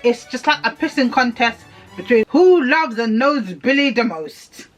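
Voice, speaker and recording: A woman's voice: fairly high pitch, unhurried, faint music behind. Sweary woman ranting a TV recap. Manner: animated, sweary, laughing, slips into character voices. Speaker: YouTube reviewer.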